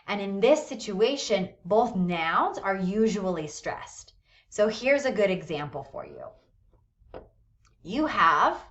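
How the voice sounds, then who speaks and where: A woman's voice: medium pitch, a bit bright. A woman teaching English, patiently walking through a lesson and checking in often with her listeners. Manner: slows down to model pronunciation of words. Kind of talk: recorded classroom lesson. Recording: dull lo-fi recording.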